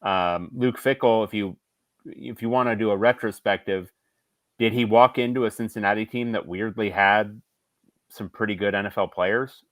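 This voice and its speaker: A male podcast co-host in casual sports chat, talking in a measured, hedging way with fillers. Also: fairly low pitch, a bit bright, no echo.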